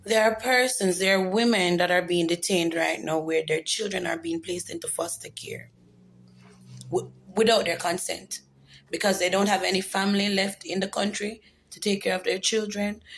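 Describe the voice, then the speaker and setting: A woman's voice: medium pitch, steady tone, normal speed, gravelly, a little hiss or hum, poor audio. A woman giving an earnest, emotional personal testimony in a vlog. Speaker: vlogger.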